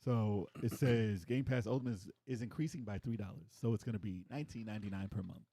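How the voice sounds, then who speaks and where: A man's voice: fast, slightly rough. A man co-hosting a video game podcast, chatting casually, laughing often and acting out quotes. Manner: animated, laughs often, acts out quotes in a high voice. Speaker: podcast co-host. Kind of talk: casual chat.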